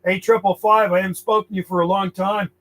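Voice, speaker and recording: A man's voice: high voice, level tone, fast talker, fairly bright tone, low-quality recording. A man working a CB radio, calling out call signs in a friendly, easygoing way. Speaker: CB radio operator.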